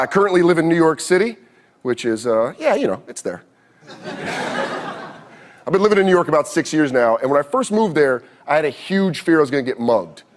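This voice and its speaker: A man's voice: a little high, slight background noise. A man doing standup comedy in a wry, self-deprecating way. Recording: live club with crowd.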